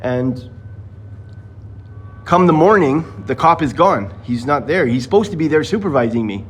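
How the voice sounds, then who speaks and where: A man's voice: a little high, animated, moderate pace, breathy edge, rough recording. A man telling viewers a long personal story in casual, rambling, profane talk, acting out what others said. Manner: rambling, profane, acts out quoted voices.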